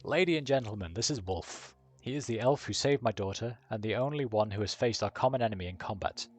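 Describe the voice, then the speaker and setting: An icy, wealthy patriarch in a game , read by a male streamer. He speaks formally and gives commands, with a man's lowish voice. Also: fairly quick, natural voice. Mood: cold formal. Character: cold, wealthy older father and patrician.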